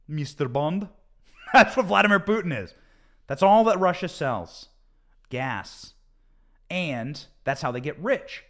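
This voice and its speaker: A man's voice: a little high, a bit bright. An American man hosting a political commentary show, talking emphatically and sarcastically and repeating points for effect. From United States. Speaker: host.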